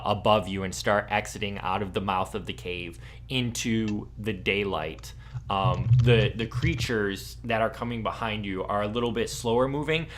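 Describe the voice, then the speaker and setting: A man narrating as game master of a tabletop game, halting and full of ums and likes. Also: on the low side, fairly bright tone.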